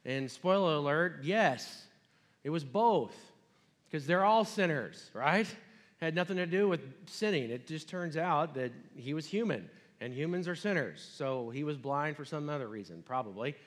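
A man's voice: fairly high pitch, expressive, moderate pace. A man preaching a sermon in a casual, storytelling way with chatty asides. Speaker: pastor.

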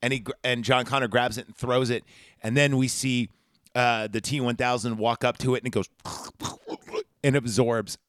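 A man's voice: mid-range voice, level tone, fairly quick, a bit bright, no room sound, studio quality. A man hosting a podcast, casually retelling a movie scene by scene with many fillers. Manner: rambling, filler-heavy scene-by-scene recap. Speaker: podcast host.

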